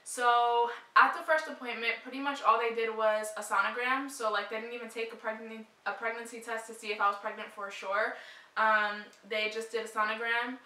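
A woman's voice: a little high, fairly even intonation, brisk, bright, forceful tone. A young woman in her twenties, pregnant and suffering morning sickness, chatting casually to camera in a rambling way full of fillers. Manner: rambling, filler-heavy "like" talk. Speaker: vlogger. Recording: roomy echo, mic at a distance.

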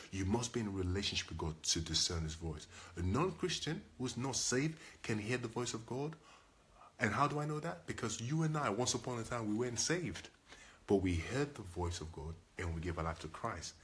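A man delivers a sermon in a low, deep register. He preaches with insistent repetition and rhetorical questions to his congregation. A faint ambient noise sits under his voice. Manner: emphatic, repetitive preaching with call-and-response questions. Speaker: pastor.

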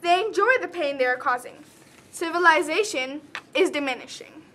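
Bright high-voiced woman narrating. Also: animated, normal speed, slight background noise. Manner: explanatory, earnest. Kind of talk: student presentation narration.

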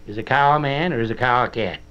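A man's voice: mid-range voice, fast, bright, forceful tone, smooth. Folksy man reading a backwoods boy's tale. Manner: folksy, plain-spoken rural dialect. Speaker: storyteller reading as a boy narrator. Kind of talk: dramatic storybook reading. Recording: dull 1961 record.

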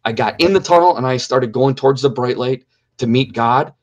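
A man's voice: mid-range voice, fairly quick, dull audio. Earnest middle-aged man telling his story. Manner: earnest storytelling, repeats key phrases for emphasis. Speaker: interview guest. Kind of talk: personal testimony in an interview.

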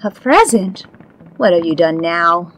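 A woman's voice: fairly low pitch, animated, measured pace, voice pushed down, low-quality recording. A woman voicing a greedy, contemptuous wife who sneers at her husband. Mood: scornful. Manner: contemptuous, sharp. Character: greedy, scornful young wife turned priestess.

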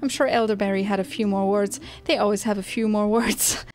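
A woman's voice: medium pitch, steady tone, a little fast, darkish tone, natural voice. A woman voicing a laid-back, friendly young plant-folk guide in a video game, reading in an easygoing, breezy way.

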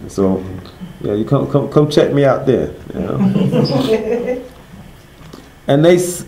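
A man teaching a Bible study. He asks his listeners questions and answers them himself, and he reads scripture slowly, stressing each word. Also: on the high side, huge pitch swings, dark tone, reverberant, poor audio.

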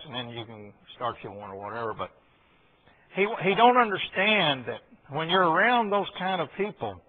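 Man, pastor, folksy Bible study teacher, slightly high voice, thin phone-like sound. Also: husky. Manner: folksy storytelling, quoting conversations. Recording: tinny phone-like audio.

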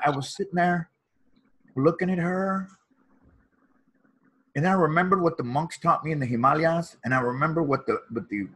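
A man's voice: fairly high pitch, a bit bright, husky. A man, a motivational speaker and author, earnestly telling a personal story as a guest in an interview.

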